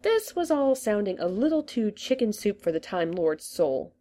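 A woman reading a story aloud, in a measured storytelling manner. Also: mid-range voice, sing-song, warm tone. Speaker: reader. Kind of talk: reading fan fiction aloud.

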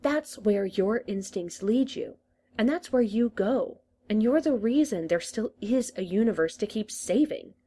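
A woman's voice: mid-range voice, lively intonation, a little slow, warm tone, pitched above the performer's own voice. A woman reading a story aloud, voicing a scheming male Time Lord who coaxes, teases and boasts. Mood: teasing. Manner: coaxing, teasing and boastful.

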